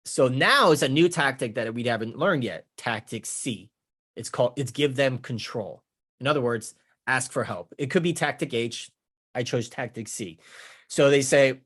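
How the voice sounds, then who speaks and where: A man coaching real estate agents on negotiation, energetic and casual, mimicking clients with playful chatter. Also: mid-range voice, moderate pace. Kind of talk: teaching with slides.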